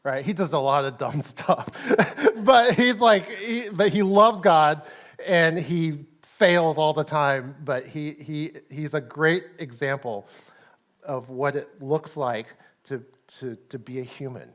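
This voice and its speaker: A man with a Texan accent delivers a relaxed, conversational sermon at a church service. His voice sits fairly high, and he laughs easily and tosses in "right?" to keep the congregation with him. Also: takes it slowly. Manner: chatty, laughs often, says "right?" a lot. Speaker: pastor.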